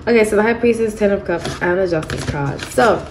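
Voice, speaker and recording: Thirtyish woman, tarot reader, chatty and rambling monologue, mid pitch, faint noise in the background. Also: fairly quick. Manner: chatty, rambling, frequent self-corrections. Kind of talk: casual tarot reading monologue.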